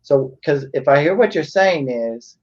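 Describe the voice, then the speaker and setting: A man's voice: on the high side, expressive, a little slow, husky. A man in a casual panel discussion, explaining speech sounds carefully and precisely. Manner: explaining, precise about words. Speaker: guest speaker. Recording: dull lo-fi sound.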